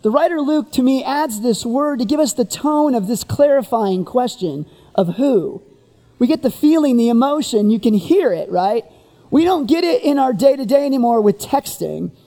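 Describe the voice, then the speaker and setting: A preacher giving a sermon, who retells the story in an animated way and keeps asking the listeners rhetorical questions. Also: medium pitch, normal speed, big-room sound.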